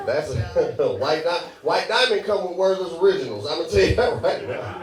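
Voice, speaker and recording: A young man from Michigan performing a stand-up comedy set in a club, animated and laughing through his jokes. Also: fairly high pitch, normal speed, hardly any pauses. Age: young adult. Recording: echoey room, far mic, loud crowd.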